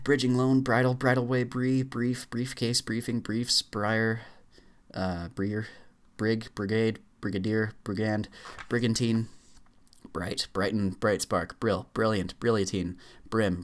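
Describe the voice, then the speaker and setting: A man's voice: lowish voice, a bit bright. Man rattling off dictionary words. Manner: rattles off words in quick lists, stumbles and fillers. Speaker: YouTuber. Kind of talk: rapid dictionary read-aloud challenge.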